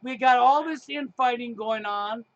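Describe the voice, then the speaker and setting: In a very high voice, a middle-aged podcast host runs a heated talk show, speaking a little slowly but emphatically, full of sarcasm and frequent swearing. The recording is muffled yet dry, with no room echo.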